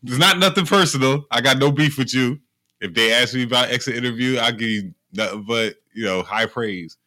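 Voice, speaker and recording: A young man in casual chat, telling stories in an animated way with heavy slang and swearing. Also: mid-range voice, a little fast, dry recording, studio quality. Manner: animated storytelling, profane slang.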